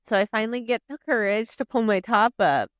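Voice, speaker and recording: A woman in her twenties, a podcast guest telling a story in casual chat, animated, swearing freely and saying "like" a lot. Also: a little high, fairly quick, no echo. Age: 20s.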